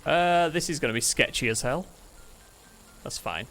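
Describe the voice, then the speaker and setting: With soft music in the background, this English man speaks in a fairly bright, higher voice with lively intonation at a moderate pace. He laughs often while chatting casually to his stream from home during a move, his accent blending Manchester and Yorkshire, captured on a desk mic with the camera on a temporary tripod.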